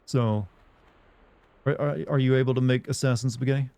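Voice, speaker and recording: A man's voice: mid-range voice, steady tone, normal speed, mellow, smooth, no echo. A man chatting casually with viewers while streaming a game, rambling, joking, and laughing often. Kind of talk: casual chat while playing.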